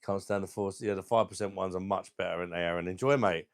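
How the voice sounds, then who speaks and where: A man hosting a live stream, chatting casually and bluntly with viewers, crude and quick to laugh at his own jokes. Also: sits low, fairly even intonation, no room sound, clean studio sound. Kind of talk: casual live chat reading viewer comments.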